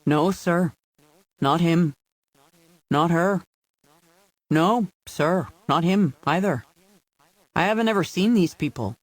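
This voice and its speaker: A man voicing a humble, soft-spoken male caretaker who answers courteously and formally. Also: a little high, slow pace, pauses often, no echo. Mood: polite.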